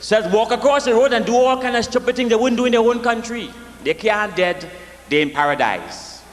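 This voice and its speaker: A man with a West Indian accent performing a live comic storytelling set, lively and jokey, with sing-song swings in pitch. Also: brisk, in a large hall. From West Indies.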